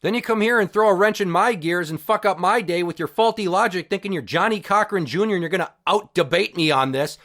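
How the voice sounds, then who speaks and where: A man's voice: high voice, brisk, few pauses, a bit bright. Foul-mouthed man ranting on a podcast. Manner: crude, sarcastic and exasperated. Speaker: podcast host. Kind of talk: profane storytelling rant.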